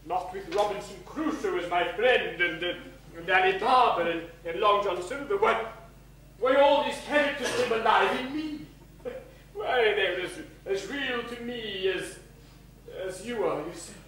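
A man playing a wistful old male miser in a one-man stage show, reminiscing in a halting way. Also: high voice, lively intonation, fairly bright tone, a little hiss or hum. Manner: hesitant, reminiscing. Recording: echoey theatre stage, mic far off.

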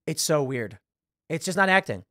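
A man's voice: a little high, sing-song, moderate pace, pushed and bright, dry recording, studio quality. A man hosting a casual talk show, rambling about films while searching online and acting out lines. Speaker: podcast host. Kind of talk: casual commentary.

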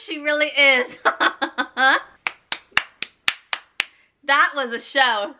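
Woman, book vlogger, high and bright voice, slow unhurried talk, giggly, gushing, casual reading vlog. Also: a little hiss or hum. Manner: giggly and gushing, laughs often; heavy use of "like" fillers.

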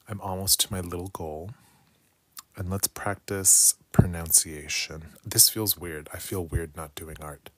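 A man chatting casually on a late-night livestream, talking softly and often slipping into whispers as he repeats phrases aloud. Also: low voice, fairly even intonation, unhurried, no room sound. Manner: chatty with viewers. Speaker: art livestreamer.

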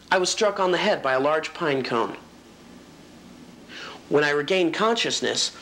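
A man's voice: on the high side, sharp tone. A man narrating a comic first-person story in a plain, matter-of-fact way.

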